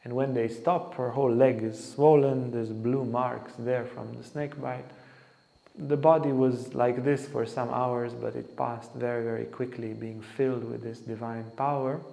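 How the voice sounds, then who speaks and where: A man's voice: mid-range voice, level tone, measured pace, gravelly, warm tone. A man giving a spiritual lecture, telling stories about a saint in an earnest, anecdotal way. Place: lecture hall at an ashram. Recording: echoey hall reverb.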